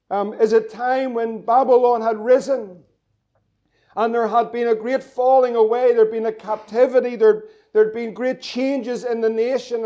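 A man's voice: very high-pitched, dark tone, muffled recording. A man, a pastor, preaching an impassioned sermon to his congregation in a church, repeating questions and building to cries. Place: church meeting room.

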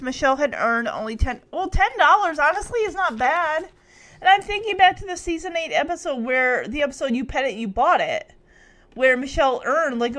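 A woman's voice: sits high, a bit bright. Woman reading a kids' book aloud. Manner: chatty, playful comments. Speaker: reader. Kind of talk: reading a children's book aloud with casual asides.

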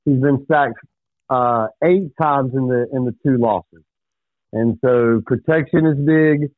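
Sports guy calling in, tinny phone line, dry jokes, flat even delivery. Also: mid-range voice, slow pace, dry recording. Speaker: sports talk radio host as guest. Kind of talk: casual sports talk chat.

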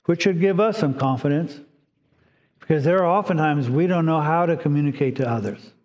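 A man's voice: on the high side, a little fast, darkish tone, lo-fi sound. Earnest preacher man in a reverberant hall. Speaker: pastor. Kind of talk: sermon.

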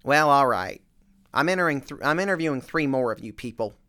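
A man's voice: high voice, big pitch swings, quick pace, bright, forceful tone, voice pushed up, heavily acted. A man voicing a fed-up homeowner woman with a Southern accent, brusque and clipped. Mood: weary.

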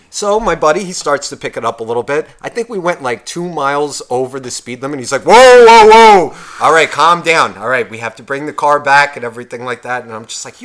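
A man's voice: mid-range voice, a bit bright. A man co-hosting a podcast, telling a heated, profane story in casual chat and acting out what others said. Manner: profane, acts out quotes of others; agitated, heated retelling. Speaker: podcast co-host.

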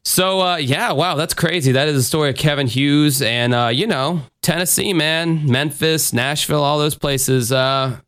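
A man's voice: a little high, normal speed, few pauses, fairly bright tone, clean tone, no room sound. Rambling, cursing podcast host man. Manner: rambling, profane, full of fillers. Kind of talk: casual chat.

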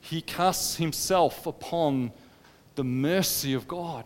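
A man preaching a sermon, dramatic, swinging between impassioned pleading and hushed, quiet stretches. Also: fairly high pitch, slow pace. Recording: long reverb of a large hall.

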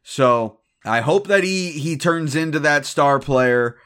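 A man's voice: fairly high pitch, lively intonation, slow, fairly bright tone, clean tone. A man co-hosting a sports podcast, giving his opinions in casual chat with frequent restarts. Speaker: podcast co-host.

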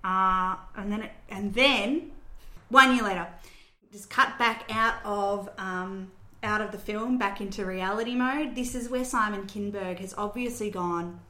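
Bright-voiced woman host, casual storytelling recap, roomy echo. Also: medium pitch, unhurried. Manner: chatty, storytelling recap with fillers. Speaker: podcast host recapping a film. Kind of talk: casual chat.

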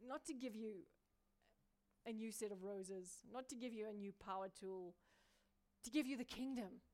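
A woman pastor preaching a sermon, building through repeated phrases and dropping from loud emphasis to a hushed near-whisper. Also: mid-range voice, moderate pace. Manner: repetitive rhetorical building.

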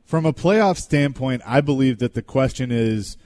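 A man co-hosting a sports radio show, asking deliberate questions and setting up upcoming games. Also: medium pitch, expressive, darkish tone, no room sound. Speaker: radio co-host.

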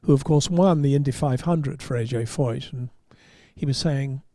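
A man, a podcast host and motoring journalist, telling an anecdote in an animated way and chuckling at his own punchlines. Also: mid-range voice, normal speed, no room sound, studio quality. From England. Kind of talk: anecdotal storytelling.

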